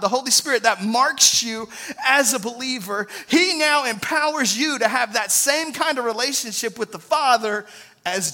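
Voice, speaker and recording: A man's voice: very high-pitched, bright, forceful tone. A man in his thirties preaching a sermon in an earnest, conversational way, often adding "right?" asides. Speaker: pastor.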